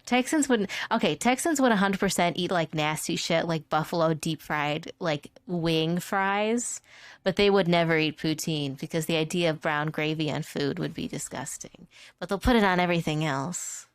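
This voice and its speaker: With a low-pitched voice at a moderate pace and no room sound, a woman vtuber streams while drawing. She chats casually and playfully, rambling from joke to joke and laughing often.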